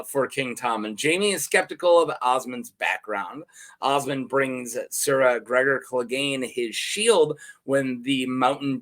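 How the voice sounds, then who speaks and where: A man hosting a casual lore video, breaking off for jokey asides and quick self-corrections. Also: a little high, fairly bright tone.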